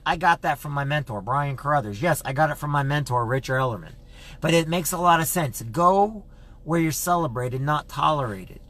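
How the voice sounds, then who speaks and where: A man's voice: medium pitch, a bit bright, slight background noise. A man vlogging, telling a story and reflecting earnestly in a conversational way, often repeating himself.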